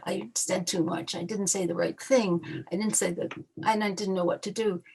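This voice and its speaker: A woman in her eighties telling her own life story on a video call, reflective and halting, often restarting her sentences. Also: medium pitch, slightly rough, rough recording. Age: 80s. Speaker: memoir author. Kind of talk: personal storytelling at a book launch. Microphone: computer mic on a video call.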